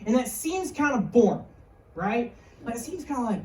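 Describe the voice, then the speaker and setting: A woman's voice: a little high, big pitch swings, moderate pace, warm tone, slight background noise. A woman giving a casual, joking sermon to young people in a church hall. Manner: jokey, chatty, slangy. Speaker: youth speaker. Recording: roomy hall, mic far off.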